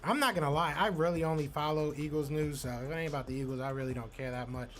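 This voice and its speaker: A man's voice: a little high, quick pace, faint music behind. A man hosting a live podcast stream, casually reacting to chat and repeating himself. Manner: loose, repetitive, talks to chat by name.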